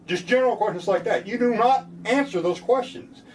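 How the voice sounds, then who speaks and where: A defense lawyer explaining rights in plain talk, now and then mimicking police officers in a loud mocking voice. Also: male voice, high-pitched, a little fast, recorded from a distance, a little hiss or hum.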